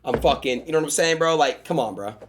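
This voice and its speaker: Young male streamer, rapid and flustered, stammering defensively. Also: a little high, animated, slight background noise. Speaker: streamer host. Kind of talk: casual stream chat.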